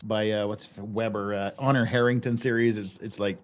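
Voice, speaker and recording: A man's voice: on the low side, fairly even intonation, moderate pace. A man talking as a guest in a casual chat, blunt and crude, laughing often.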